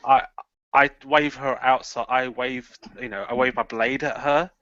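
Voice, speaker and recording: A man's voice: medium pitch, steady tone, normal speed, fairly bright tone, no room sound. A man playing in a tabletop horror game, describing his character's actions in a rambling way full of "sort of" and "like", over a video call. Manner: rambling, restarts, many "sort of" and "like". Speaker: player. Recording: lo-fi online call audio.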